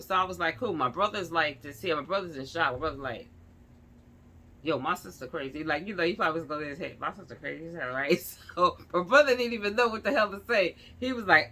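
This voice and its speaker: A woman's voice: fairly low pitch, fast, fairly bright tone. A young woman, ranting and telling a story in casual street slang, acting out the people she quotes. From New York. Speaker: vlogger.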